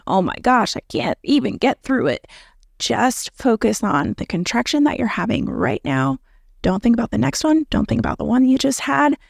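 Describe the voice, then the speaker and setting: A chatty American woman in her thirties hosts a podcast in an easygoing, instructional tone, full of "like" and "right?" and quick laughs. Her voice sits a little high and carries a gravelly fry, recorded close and dry with no room sound. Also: dry recording. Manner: chatty, encouraging, laughs often, many fillers. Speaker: podcast host, labor nurse. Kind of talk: casual instructional podcast talk.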